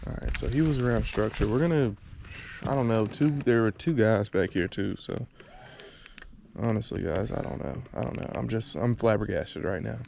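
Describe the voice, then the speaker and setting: Man, kayak fishing vlogger, gravelly voice, noisy outdoor audio. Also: fairly low pitch, moderate pace. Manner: excitable, frustrated, talks to himself. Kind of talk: casual vlog talk to camera.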